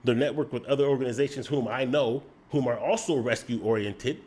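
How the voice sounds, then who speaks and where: Male commentator, mid-pitched, slightly husky, measured and accusatory. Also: darkish tone. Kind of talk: critical commentary.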